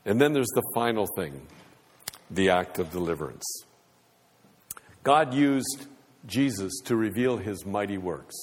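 A man's voice: lowish voice, animated, measured pace, long pauses. A man preaching a sermon as pastor, with rising and falling emphasis. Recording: long hall reverb.

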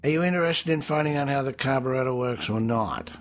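A man's voice: mid-range voice, a little fast, lightly acted. A man voicing his critical, impatient father in an audiobook reading. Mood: scolding. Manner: scolding, critical. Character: gruff, impatient working-class Australian father.

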